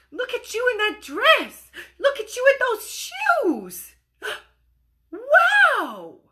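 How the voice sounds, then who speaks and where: A woman's voice: high voice, bright, forceful tone. A woman giving a motivational spiritual talk on a livestream. She speaks expressively, with emphatic repetition, and acts out quoted voices. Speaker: spiritual coach.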